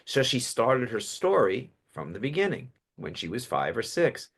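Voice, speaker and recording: A man, a public speaking coach, talks as a guest in a podcast interview, telling animated stories with quick restarts. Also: mid-range voice, gravelly, breathy edge.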